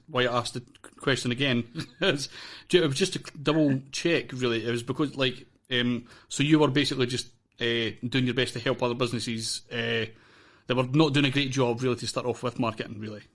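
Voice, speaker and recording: A man's voice: medium pitch, steady tone, brisk, hardly any pauses, fairly bright tone. Easygoing Scottish man hosting a podcast. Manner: friendly, rambling with fillers. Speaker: podcast host. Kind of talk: casual chat.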